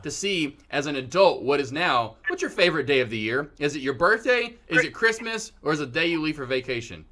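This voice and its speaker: A man's voice: a little high, big pitch swings, a little fast, few pauses, pushed and bright. A man hosting a podcast interview, upbeat and repeating his questions. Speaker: podcast host.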